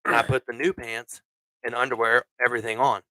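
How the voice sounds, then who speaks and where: A man hosting a podcast, telling a crude story in a casual, animated way, swearing a lot. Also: mid-range voice, a little fast, no echo, low-quality recording. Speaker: podcast host.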